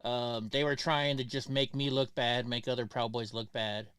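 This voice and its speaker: Bright, clear-voiced man guest. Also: mid-range voice, little pitch movement, moderate pace, no echo, studio quality. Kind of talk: casual chat.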